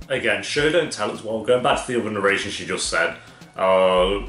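A man's voice: on the low side, a bit bright, roomy sound, soft background music. A man hosting a TV reaction, chatting casually and mocking what he watches. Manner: sarcastic, chatty, quick to mock. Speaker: TV reaction host.

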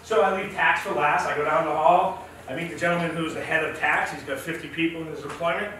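At a professional event, a middle-aged man gives a humorous, self-mocking storytelling talk in a slightly high voice at a quick pace, animated and acting out quotes. Recorded from afar in an echoey meeting hall, the audio carries a little hiss or hum.

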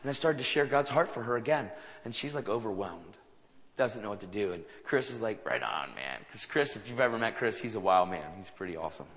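A man preaching a sermon to a live audience. He tells anecdotes in an animated way and acts out the dialogue. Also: fairly low pitch, fast talker. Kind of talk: sermon storytelling. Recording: long reverb of a large hall.

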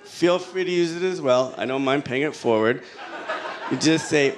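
A man performing a stand-up comedy set, with a slow, deadpan, soft-spoken delivery that jumps suddenly up in pitch. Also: noisy background. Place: comedy club stage with audience. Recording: live audience laughter behind.

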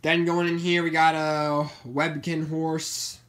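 A man with a bright, forward voice talks loosely through his stuffed toy collection. He rambles and circles back to the same points. The delivery is an unscripted show-and-tell vlog. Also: fairly high pitch, little pitch movement, takes it slowly. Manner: chatty, meandering, repeats himself. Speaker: vlogger showing his plush collection.

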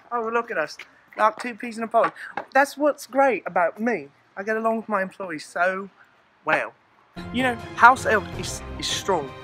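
Man doing a bragging elk king, high bright voice, rambling, bossy, comic monologue. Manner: boastful, rambling, bossy to staff. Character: pompous boastful male elk king. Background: faint background music.

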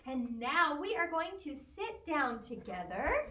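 A woman leading a sing-along music class for small children, with an animated, sing-song manner and playful animal sounds. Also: high voice, slow pace, reverberant, a little hiss or hum.

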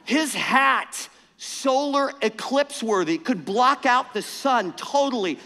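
A middle-aged man preaching a sermon, telling an animated, self-mocking story in a conversational way. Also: extremely high pitch, takes it slowly. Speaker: pastor. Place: church sanctuary. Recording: church hall reverb.

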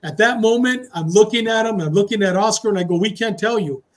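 A man's voice: high-pitched, fast talker. A middle-aged man, a retired police officer, telling a story in a casual interview and acting out the dialogue with Spanish phrases. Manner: animated storyteller who acts out dialogue, slipping into Spanish phrases.

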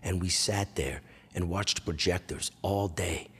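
Deep-voiced Canadian man telling crude stories. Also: unhurried, slightly rough. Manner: animated, crude, bursts into loud impressions and yells. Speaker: comedian host. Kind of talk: comedic storytelling monologue.

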